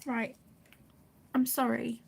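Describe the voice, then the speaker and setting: A woman hosting a colouring live stream, speaking softly and haltingly, often close to a whisper, emotional and near tears. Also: a little high, level tone, vocal fry, a little hiss or hum. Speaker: colouring channel host. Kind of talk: casual live-stream chat while colouring.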